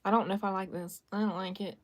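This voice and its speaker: A woman's voice: mid-range voice, steady tone, fast. A young woman chatting casually on a live stream, self-deprecating and thanking viewers as she talks.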